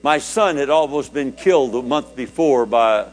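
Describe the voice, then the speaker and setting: An older man, a preacher, telling a personal story in a sermon, his voice climbing high with feeling and dropping low and quiet. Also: normal speed, faint music behind.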